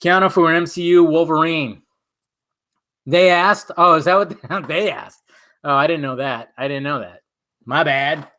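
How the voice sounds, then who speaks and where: A man's voice: on the high side, fairly even intonation, moderate pace, bright, forceful tone. A young man in a casual live stream who answers chat in a loose, profane way and laughs often, at home in front of a green screen.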